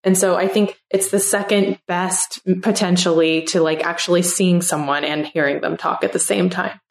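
A woman hosting a podcast, thinking aloud in a relaxed interview with many fillers. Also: on the low side, moderate pace, creaky, echoey room. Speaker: podcast host. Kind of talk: casual interview chat.

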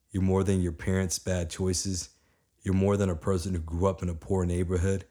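Deep-voiced man giving an upbeat motivational talk. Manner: energetic, conversational, repeats for emphasis. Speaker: motivational speaker.

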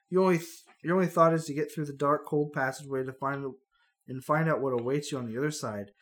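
A man's voice: fairly high pitch, fairly even intonation, brisk, fairly bright tone. A man reading a choose-your-own-adventure book aloud as game master, joking and stumbling over words. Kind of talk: comedic gamebook read-aloud.

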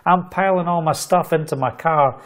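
A middle-aged man delivers a livestreamed sermon with fervent conviction. His voice sits a little high, and he tells stories while repeating phrases for emphasis. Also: moderate pace, fairly bright tone. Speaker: preacher.

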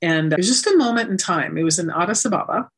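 A woman guest in an interview, telling her story with lively emphasis and acting out the dialogue. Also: on the low side, quick pace, breathy edge. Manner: animated, emphatic, acts out quoted dialogue. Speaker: guest, nonprofit founder.

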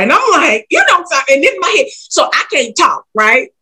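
A woman casually telling a story in an animated, emphatic way. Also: sits high, moderate pace. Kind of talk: casual chat.

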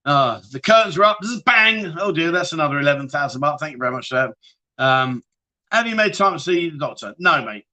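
A man's voice: a little high, expressive, brisk, bright, forceful tone. A man hosting a casual livestream, reading out viewer comments and bantering with a laugh. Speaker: livestream host.

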